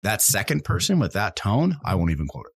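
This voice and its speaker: A man's voice: lowish voice, wildly swooping pitch, brisk, gravelly, husky, dry recording. A man, co-hosting a casual business podcast and acting out his customer calls as he tells stories. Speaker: sign company salesman, co-host.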